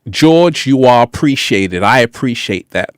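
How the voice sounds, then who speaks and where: A man hosting a casual livestream speaks slowly and in an easy, unhurried way. He laughs often and repeats phrases for effect, and his voice sounds dry and close. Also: medium pitch, lively intonation, smooth, no room sound. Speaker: livestream host.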